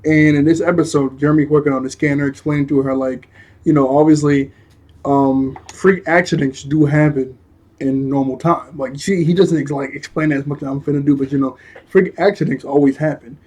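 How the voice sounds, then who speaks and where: Male reviewer, slightly high mellow voice, slangy, casual, chuckles often. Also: steady tone, a little fast. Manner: loose slangy talk, frequent chuckles and fillers. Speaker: episode reviewer. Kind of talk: casual cartoon episode review.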